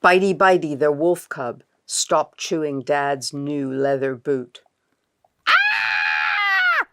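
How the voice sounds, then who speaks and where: Slow, expressive woman reading a story. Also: low voice, very noisy. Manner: expressive, unhurried. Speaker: author. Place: studio.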